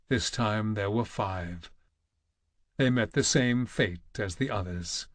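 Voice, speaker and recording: A man narrating an audiobook in a measured, dramatic reading style. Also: fairly low pitch, no echo. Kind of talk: scripted narration.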